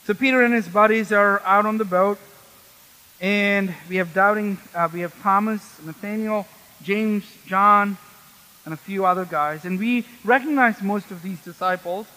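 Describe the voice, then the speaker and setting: A man's voice: sits high, moderate pace, bright, forceful tone, in a large hall, low-quality recording. A man preaching a sermon as pastor in a church, conversational and asking the congregation questions.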